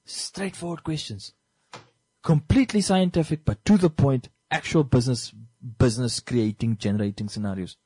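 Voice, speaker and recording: A man's voice: mid-range voice, brisk, few pauses, slightly rough, dry recording, low-quality recording. A man from Namibia co-hosting a radio talk show, speaking with passion and emphasis. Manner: passionate, emphatic, lively delivery.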